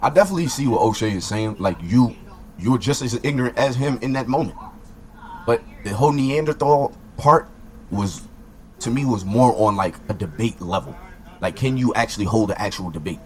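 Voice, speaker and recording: A man's voice: on the low side, lively intonation, fairly quick, darkish tone, slight background noise. A man hosting a reaction video, casual and slangy, laughing and talking to his viewers.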